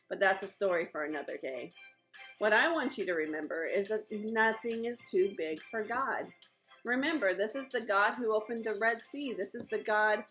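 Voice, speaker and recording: Young woman, kids' Bible teacher, chatty and animated storyteller, mid pitch, faint music underneath. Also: poor audio. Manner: lively, chatty, acts out characters' lines. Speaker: children's ministry teacher. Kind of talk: retelling a Bible story for kids. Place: at home.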